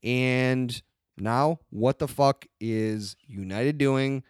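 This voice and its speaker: Man, podcast co-host, loud profane rants, medium pitch, dry sound. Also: extremely slow, clear, resonant tone, no echo. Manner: loud, swears constantly, ranting. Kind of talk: profane comedic podcast banter.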